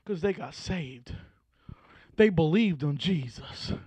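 A man preaching a sermon, telling a Bible story and swinging between hushed asides and shouted, fervent passages. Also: on the high side, lively intonation, takes it slowly, slightly rough, no room sound, lo-fi sound.

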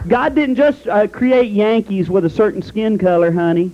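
A man's voice: sits high, expressive, normal speed, lo-fi sound. A man with a Southern American accent preaching a sermon in a folksy way, calling his listeners honey and firing off rhetorical questions.

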